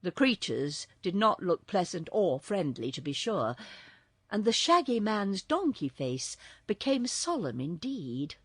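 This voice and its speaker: A woman narrating a children's audiobook in a very expressive storytelling voice. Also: on the low side, a little slow, slightly rough, no room sound, clean studio sound.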